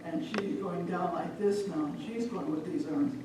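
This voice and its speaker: A middle-aged woman from Omaha telling a folk tale live to an audience, lively and chatty, with asides to the crowd. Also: fairly low pitch, moderate pace, background noise. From Omaha, Nebraska. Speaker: storyteller. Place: large event hall. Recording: echoey hall from far off.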